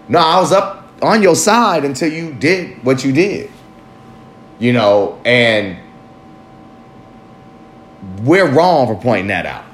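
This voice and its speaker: Man, candid rambling monologue, casual and profane, mid pitch, roomy echo, faint background hiss. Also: animated, normal speed. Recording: echoey room with faint ambient noise.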